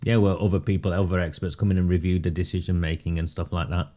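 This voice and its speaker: A man talks straight to his live viewers in a low-pitched voice. His delivery is sarcastic and mocking, and it keeps slipping into laughter. The tone is mellow and warm rather than bright. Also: little pitch movement, fast. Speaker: livestream commentator on local politics. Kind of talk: casual live commentary.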